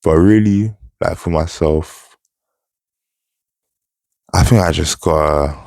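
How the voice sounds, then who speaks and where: A young man, talking casually and low-key in a monotone to camera for his own vlog. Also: takes it slowly, gravelly, no room sound, studio quality. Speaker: channel host. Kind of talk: casual solo vlog chat.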